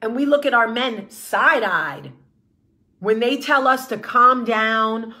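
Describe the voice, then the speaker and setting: A woman's voice: on the high side, takes it slowly, pushed and bright. A woman hosting her vlog, giving an impassioned, blunt monologue with swearing and repeated rallying phrases. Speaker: vlog host.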